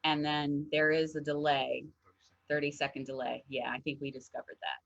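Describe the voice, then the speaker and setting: Woman co-host telling stories animatedly, acting out quotes, low voice, muffled lo-fi audio. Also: moderate pace, vocal fry. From northern United States. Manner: animated storyteller, acts out quotes. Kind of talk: casual heartfelt discussion.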